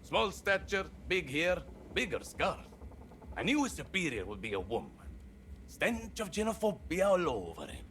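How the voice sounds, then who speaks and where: A man's voice: huge pitch swings, moderate pace, a bit bright, a little hiss or hum, full character voice. A man voicing a paranoid, unhinged middle-aged male doctor in a video game, with an erratic put-on accent and a sneering manner. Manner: sneering, swinging between high shrill and deep growl.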